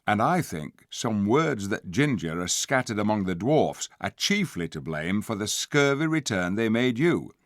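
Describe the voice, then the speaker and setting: Lively low-voiced male audiobook reader. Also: measured pace, few pauses, no echo, clean studio sound. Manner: lively, shifts pitch and loudness for each character. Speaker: audiobook narrator. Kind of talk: audiobook reading with character voices.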